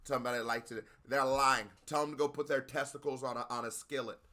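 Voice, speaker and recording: A man hosts a music reaction video in a steady, bright, forceful voice, talking fast. He's casual and blunt with plenty of profanity, often jumping up into high-pitched exclamations.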